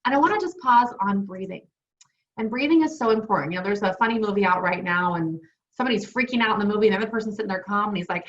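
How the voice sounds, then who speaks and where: This wellness program co-host talks very fast in a mid-range voice over a video call. Enthusiastic and chatty, she teaches while telling personal stories. Audio quality is dull and lo-fi.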